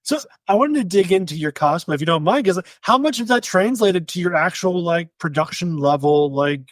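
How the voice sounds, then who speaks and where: A man's voice: high-pitched, lively intonation, fairly quick, dry recording. A man hosting a podcast, asking questions in an enthusiastic, chatty way. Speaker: podcast host. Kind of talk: casual interview chat.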